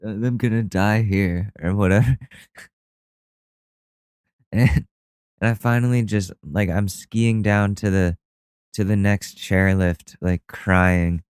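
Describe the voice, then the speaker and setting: A man's voice: low voice, steady tone, slow pace, long pauses, a little mellow, clear, resonant tone, no echo, clean studio sound. A man hosting a solo podcast at home, telling stories in a rambling, self-deprecating way with lots of fillers and restarts. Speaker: podcast host. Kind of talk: casual storytelling monologue.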